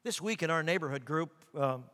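A middle-aged man preaching a sermon as pastor, animated, acting out quoted voices. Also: a little high, fairly quick. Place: large church sanctuary. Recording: long reverb of a large hall.

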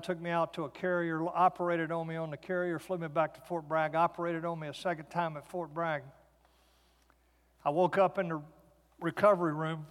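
A man in his sixties giving a folksy preaching testimony to an audience. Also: on the high side. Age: 60s. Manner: folksy storytelling. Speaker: speaker. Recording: long hall reverb.

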